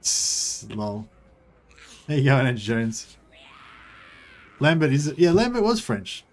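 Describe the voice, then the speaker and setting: A man livestreams a strategy game and talks in a loose, rambling way. He chats with his viewers as he plays and swears casually. His voice sits at a middle pitch. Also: sing-song, unhurried. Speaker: game streamer.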